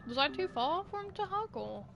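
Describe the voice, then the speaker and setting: A young woman chatting her way through a live gameplay stream, talking to herself and shouting at game characters in quick bursts. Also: very high-pitched, very animated, vocal fry, highs cut off, background noise.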